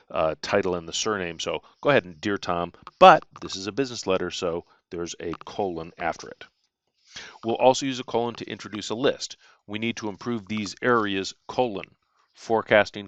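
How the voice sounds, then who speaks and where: In a recorded lecture, a male writing instructor teaches punctuation, reading example sentences aloud with their punctuation marks and stressing the rules. His voice is lowish and a bit bright, with no room sound.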